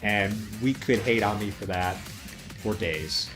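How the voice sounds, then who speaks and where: This livestream host is a Chicago man whose voice runs on the low side, and he takes it slowly with music playing in the background. His gaming stream is casual, he swears freely, and he keeps wandering off on tangents, with the Midwest in his speech.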